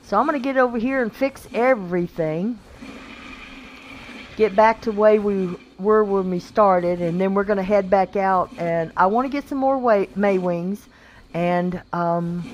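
A woman's voice: medium pitch, measured pace, muffled recording. A woman giving casual, chatty gameplay commentary, talking to the creatures on screen and laughing often. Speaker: gaming channel host.

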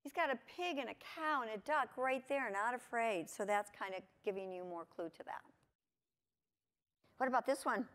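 A woman giving a lively conference talk to teachers, asking her audience lots of questions. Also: on the high side, normal speed. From United States. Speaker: conference presenter. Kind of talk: lecture to teachers. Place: conference hall.

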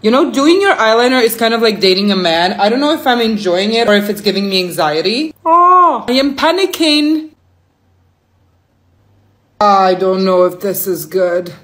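Lively, playful young woman vlogging makeup. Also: mid-range voice, moderate pace. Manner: playful, self-mocking, chatty. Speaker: makeup content creator. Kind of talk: casual makeup vlog talk.

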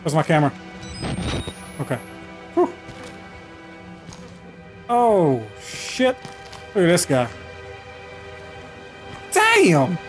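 Man, gaming commentary, jumpy and swearing, slow drawn-out talk, lively swings in pitch, game music behind. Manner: jumpy, profane, nervous joking. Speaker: gaming channel host. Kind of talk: let's play commentary. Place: home gaming setup. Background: horror game music.

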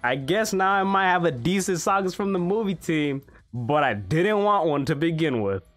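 Excitable young man, casual game commentary. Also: on the high side, normal speed, soft background music. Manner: excitable, swears freely, laughs a lot. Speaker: gaming YouTuber.

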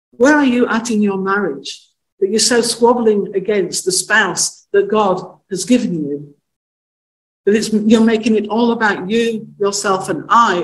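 A woman minister delivers a sermon at a medium pitch. She preaches earnestly, presses her listeners with rhetorical questions, and slows down to lean on the phrases she wants to land. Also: poor audio.

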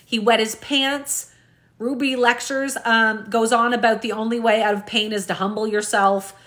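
In a slightly high, somewhat bright voice with steady tone and normal speed, a woman reads journal entries aloud for her true crime recap. Her delivery is casual, full of ums and self-corrections, and she speaks directly to viewers, calling them "you guys."

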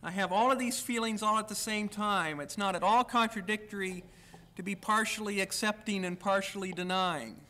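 Bright-voiced candid male lecturer. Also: high voice, fairly even intonation, normal speed. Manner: candid and personal, speaking in the first person; reads aloud from his own writing. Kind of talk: university lecture.

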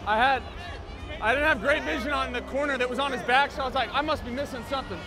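A professional quarterback talking on a body mic on a stadium sideline, loudly encouraging teammates. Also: male voice, very high voice, fast. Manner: loud, hyped encouragement to teammates. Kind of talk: mic'd-up sideline talk. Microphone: body-worn mic. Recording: noisy field mic with crowd. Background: roaring stadium crowd.

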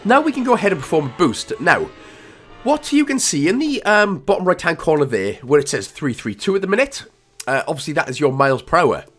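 A man's voice: a little high, sing-song, brisk, a bit bright, faint music behind. A man with a Welsh accent talking through a video game walkthrough in a chatty, jokey way with self-mocking asides. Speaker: gaming guide creator.

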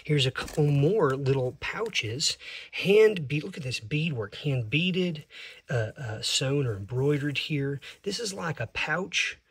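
A man vlogging as a reseller, unboxing items in excited, halting casual commentary that sometimes drops to a whisper. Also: a little high, slightly rough.

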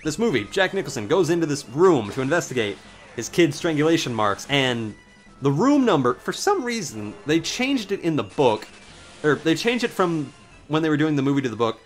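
Young guy doing lets play commentary, rambly, curses a lot, bouncy up and down voice. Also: on the high side. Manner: rambling, swears casually, animated reactions. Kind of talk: casual gameplay commentary with storytelling.

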